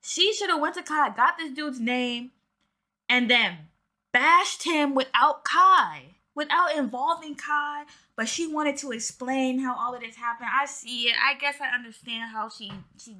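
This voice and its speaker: A woman's voice: on the high side, pushed and bright. A woman giving casual commentary straight to her viewers. She talks in an emphatic, slangy way. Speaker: commentary YouTuber.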